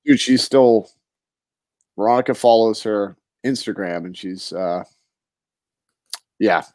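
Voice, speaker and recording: A man's voice: on the low side, takes it slowly, darkish tone, no echo. Laid-back man with a dry sound. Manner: laid-back, says "dude" often. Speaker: podcast co-host. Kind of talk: casual chat.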